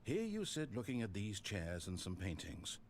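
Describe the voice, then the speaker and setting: A man voicing a dry male game narrator, speaking in a measured, wry and sardonic way. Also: lowish voice, huge pitch swings, a little hiss or hum.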